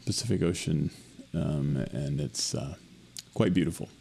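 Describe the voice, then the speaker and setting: A man co-hosting a podcast in casual chat, playful and jokey, quick to laugh. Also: rumbling low, creaky, dark tone, breathy edge. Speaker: podcast co-host.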